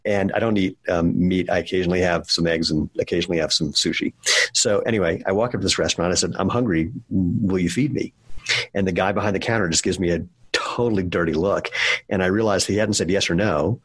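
Husky low-voiced man telling a story. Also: fast, no room sound. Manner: rambling, animated storyteller with restarts. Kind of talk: casual conversation, storytelling.

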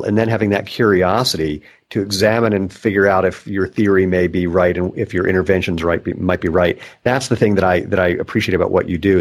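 A man hosting a podcast, telling coaching stories in relaxed conversation. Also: deep voice. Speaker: podcast host. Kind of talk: casual conversation.

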